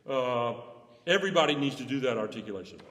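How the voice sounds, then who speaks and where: A male choir director coaching singers in rehearsal, talking softly between sung demonstrations and laughing often. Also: mid-range voice, animated, quick pace, slight background noise. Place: large echoey rehearsal hall with choir. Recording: roomy hall recording from a distance, choir and piano behind.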